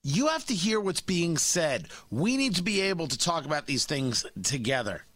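A man's voice: fairly high pitch, sing-song, moderate pace, fairly bright tone, dry recording. A man hosting a talk radio show, giving opinionated, mocking commentary from a studio microphone.

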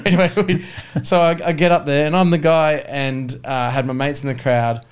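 A man's voice: a little high, little pitch movement, moderate pace, clean tone. A man, telling a game show anecdote on a podcast in a chatty, cheerful way. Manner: chatty, laughing storyteller. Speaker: podcast co-host. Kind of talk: casual anecdote.

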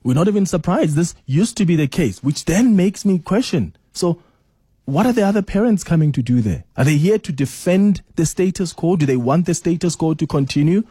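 Man, talk radio host, earnest and questioning, mellow dark tone, husky, dry close sound. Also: lively intonation, moderate pace, dry recording. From South Africa. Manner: earnest, questioning, rises in pitch when making a point. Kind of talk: talk radio, reading listener messages.

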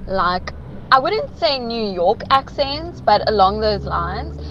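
A woman's voice: on the high side, sing-song, takes it slowly, bright, forceful tone. A woman calling in to a radio show over the phone, chatty and laughing at herself. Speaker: caller. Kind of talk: phone-in call. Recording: dull phone line with faint noise.

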